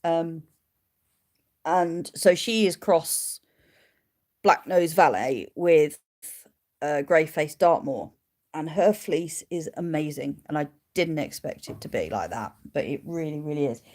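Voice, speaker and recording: A woman's voice: low voice, animated, measured pace, a little mellow. A woman keeping sheep, chatting casually on a livestream, answering viewer questions and cooing at her animals. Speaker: sheep keeper and livestream host.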